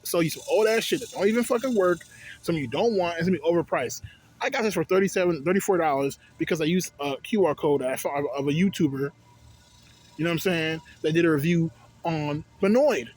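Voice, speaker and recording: A man's voice: fairly high pitch, breathy edge. A young man casually reviewing a vape on his vlog, rambling and swearing through digressions. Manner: profane, rambling, digressive storytelling.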